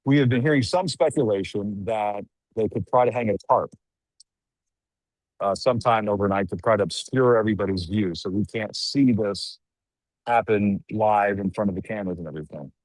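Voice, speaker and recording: A man's voice: fairly low pitch, normal speed, a little mellow, no room sound, rough recording. Man reporting live outdoors at night. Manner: conversational, wry asides, frequent fillers. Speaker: news show host reporting live. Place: outdoors at night among a crowd.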